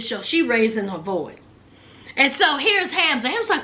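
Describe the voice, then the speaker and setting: A woman's voice: sits high, big pitch swings, normal speed, sharp tone. A woman with a Southern US accent, recapping a reality TV show in casual, sassy storytelling with playful trash talk.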